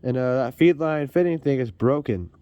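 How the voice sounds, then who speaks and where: A garage vlogger works on a car and rambles in chatty, self-mocking casual talk, shooting on a handheld phone. The dry, lo-fi recording captures his clear, resonant, medium-pitched voice at a moderate pace.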